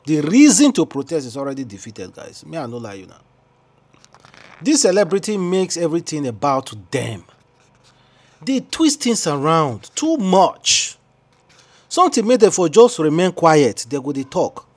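Brief: Nigerian Pidgin man, higher voice, rambling commentary host. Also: sing-song, moderate pace. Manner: chatty, rambling, with fillers. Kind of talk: news commentary.

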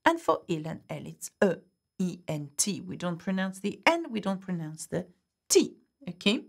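A woman's voice: on the low side, animated, moderate pace, gravelly. A woman teaching a French grammar lesson, patiently explaining step by step and often checking in with "okay?". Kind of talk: online language lesson.

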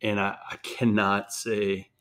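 Man hosting a podcast, low-voiced. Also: level tone, slow, fairly bright tone. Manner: short agreeing replies, thankful. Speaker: podcast host. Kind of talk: interview chat.

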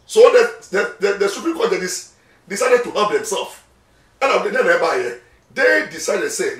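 A man's voice: high-pitched, big pitch swings, a little slow. A man with a Ghanaian accent, a lawyer talking emphatically in an interview, repeating words as he goes. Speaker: lawyer guest. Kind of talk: animated interview talk mixing Twi and English. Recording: echoey room, mic at a distance.

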